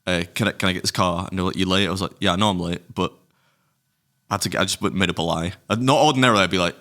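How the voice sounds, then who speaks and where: A man's voice: low voice, racing, pushed and bright. A middle-aged man co-hosting a podcast, telling rambling anecdotes with plenty of swearing and laughs. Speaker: podcast co-host. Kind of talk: casual chat, storytelling.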